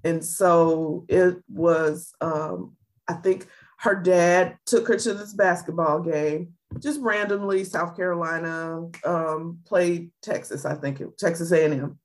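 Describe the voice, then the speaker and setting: A woman hosting a podcast, telling stories in an animated, chatty way. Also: lowish voice, takes it slowly. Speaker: podcast host. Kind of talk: casual podcast chat.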